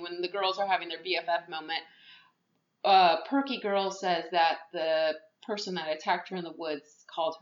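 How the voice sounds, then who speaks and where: A woman podcast host recapping a movie plot in casual chat, rambling, with many fillers and restarts. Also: lowish voice. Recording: echoey room, muffled lo-fi sound.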